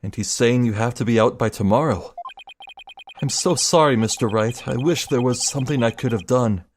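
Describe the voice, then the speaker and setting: A voice actor playing a calm, reassuring lawyer mentor who speaks low and measured in an amateur video game voice-over. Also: a little hiss or hum, natural voice.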